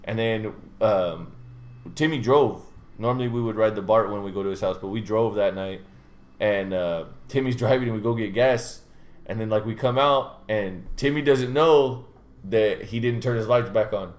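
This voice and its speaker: A young man hosting a podcast. He tells an animated, profane anecdote in casual chat. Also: lowish voice, moderate pace. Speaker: podcast host. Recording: echoey room.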